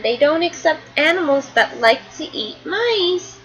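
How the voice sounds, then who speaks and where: A woman's voice: high voice, animated, measured pace, few pauses, fairly bright tone, poor audio. A woman teacher reading a picture book aloud to a class, stopping to explain words and pictures.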